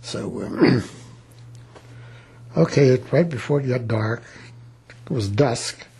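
A man's voice: mid-range voice, animated, slow pace, gravelly, dark tone, husky. A man in his eighties, a war veteran, recalling his wartime days in a plain-spoken, rambling oral history. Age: 80s.

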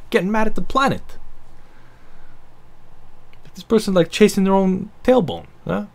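A man's voice: high voice, measured pace, gravelly, pauses often. A man telling a story-time rant, sarcastic and profane, rambling with asides.

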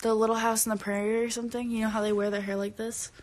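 A woman's voice: on the high side, level tone, quick pace. A tired woman chatting casually on a late-night livestream from home, reading fans' comments, rambling and giggly and sometimes dropping into whispers. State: tired from no sleep. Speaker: singer livestreaming to fans. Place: at home at bedtime, indoors. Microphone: phone camera held close.

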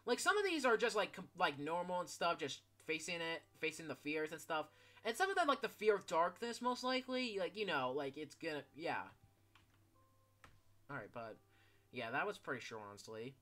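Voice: medium pitch, very animated, moderate pace, fairly bright tone. A fourteen-year-old gaming YouTuber giving casual gameplay commentary, rambling with lots of fillers and casual swearing.

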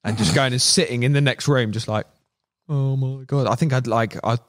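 Speaking with medium pitch and a moderate pace, this young man tells easygoing stories as a podcast guest. His delivery is animated and slang-heavy, and he performs the quoted dialogue.

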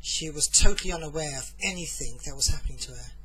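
A man reading his own fantasy novel aloud, in a halting way with asides and restarts. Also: a little high, lively intonation, sharp tone, soft background music, poor audio.

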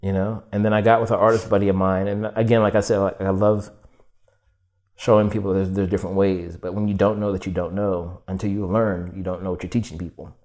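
A young man telling his story as a podcast guest, casual and animated, swearing and acting out quoted lines with lots of "like". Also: low voice, a little fast. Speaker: podcast guest, furniture designer.

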